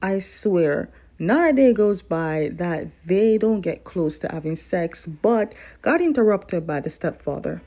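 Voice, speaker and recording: Lively chatty woman recapping a drama. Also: on the low side, unhurried, few pauses. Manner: chatty, playful, talks straight to viewers.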